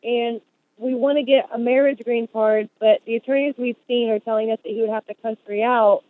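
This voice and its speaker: A woman calling in to ask a question, hesitant and pausing with ums, heard over a phone line. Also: fairly high pitch, steady tone, no echo. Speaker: caller.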